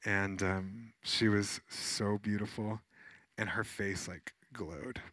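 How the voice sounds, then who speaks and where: Bright-voiced man preaching casually. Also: on the low side, slow, no room sound. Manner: conversational, animated, many fillers. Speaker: pastor. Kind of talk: sermon with personal storytelling.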